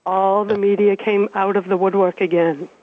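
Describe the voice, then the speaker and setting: Woman, 50s, from Massachusetts; lively guest storyteller, laughs often; phone-thin dry line. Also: medium pitch, moderate pace, no echo. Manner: chatty, animated, laughs while telling stories. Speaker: interview guest. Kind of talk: casual storytelling. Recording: dry, tinny phone-like radio sound.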